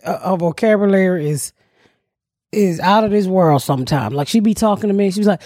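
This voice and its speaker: A woman, telling stories in a brash, profane, animated way. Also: mid-range voice, brisk, no echo, studio quality. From United States. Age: older. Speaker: podcast host. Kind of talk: casual comedic storytelling.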